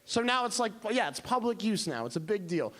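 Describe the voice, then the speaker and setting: A man doing a stand-up comedy set on a club stage, telling stories in an animated, exaggerated way. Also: high voice, fairly quick. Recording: noisy comedy club recording.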